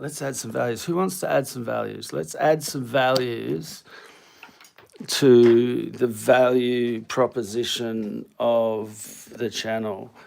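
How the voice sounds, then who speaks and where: A man's voice: medium pitch, vocal fry, a little mellow. A man hosting a casual live stream, rambling and playful, often breaking off mid-sentence. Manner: rambling, self-interrupting, playful. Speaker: livestream host.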